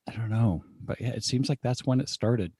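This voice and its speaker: Male co-host, easygoing chat, reads quotes aloud, average pitch, dry studio mic. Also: a little fast, slightly rough, no echo. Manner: relaxed, reads out article quotes. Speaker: podcast co-host. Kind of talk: casual chat.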